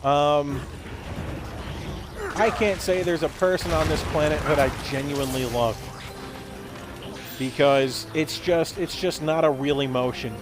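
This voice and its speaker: A man hosting a gaming video, telling a rambling, absurd story in a deadpan way and acting out quoted lines in voices. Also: a little high, measured pace, pauses often, music in the background. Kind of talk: rambling comedic monologue while gaming.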